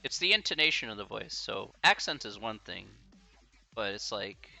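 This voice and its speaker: A man's voice: lowish voice, very animated, moderate pace, creaky, bright, forceful tone, faint music behind. A man from the United States tutoring math on a live stream, chatty and encouraging, laughing often. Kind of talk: casual livestream tutoring chat.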